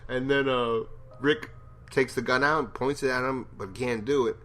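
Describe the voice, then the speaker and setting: A man's voice: medium pitch, fairly even intonation, moderate pace, pushed and bright. A man giving a casual, rambling TV episode review, blunt and profane in his opinions. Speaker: TV show reviewer.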